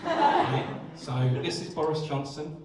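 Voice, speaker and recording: A man's voice: on the high side, huge pitch swings, unhurried. A young man performing a live stand-up set, sweary and self-mocking, rambling with many restarts. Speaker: stand-up comedian. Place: comedy club stage. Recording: echoey club room, distant mic, audience noise.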